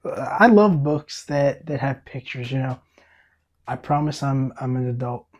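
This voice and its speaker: A man's voice: mid-range voice, expressive, measured pace, darkish tone. A young man hosting a read-aloud of a picture book, enthusiastic, with stammering restarts and laughing asides. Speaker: storybook reader, channel host.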